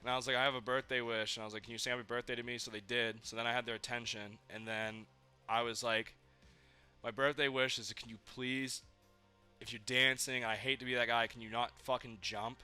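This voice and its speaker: Bright-voiced young man telling stories. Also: medium pitch, level tone, brisk, clean tone, soft background music. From Maine. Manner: rambling storytelling, heavy swearing, acts out quotes. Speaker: podcast co-host. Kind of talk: casual chat.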